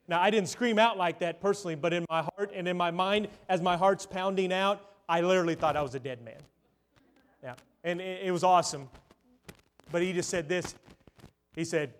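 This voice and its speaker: Middle-aged preacher, high voice, dramatic loud-and-soft sermon delivery. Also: male voice, steady tone. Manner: storytelling, swings from loud to hushed, dramatic pauses.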